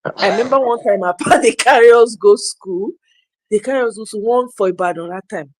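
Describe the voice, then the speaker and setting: A woman with a Nigerian accent, telling stories in casual chat and acting out the quotes loudly. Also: a little high, fairly quick, no echo. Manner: animated storyteller, acts out quotes loudly. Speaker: podcast host. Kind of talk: casual chat in Pidgin storytelling.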